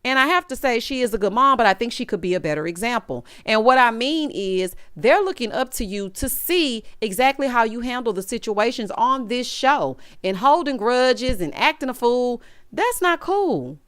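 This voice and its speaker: A woman's voice: a little high, expressive, moderate pace, fairly bright tone, clear, resonant tone, no room sound, clean studio sound. Sassy woman recapping reality TV. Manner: sassy, opinionated, talks straight to the cast. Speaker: recap vlogger. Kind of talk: casual reality TV recap commentary.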